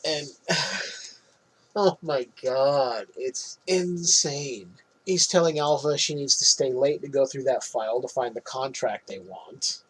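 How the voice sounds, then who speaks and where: Husky-voiced man recapping a film. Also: mid-range voice, a little slow, poor audio. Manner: swears freely, laughs at his own jokes. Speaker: podcast host. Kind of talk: casual movie recap chat.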